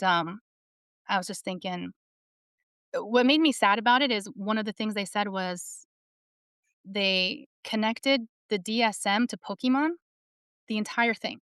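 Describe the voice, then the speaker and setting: A woman's voice: mid-range voice, measured pace, long pauses, smooth, dry recording, clean studio sound. A woman in her thirties talking candidly and animatedly in a casual discussion, telling stories and swearing freely. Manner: candid, profane, animated storytelling. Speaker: panel speaker.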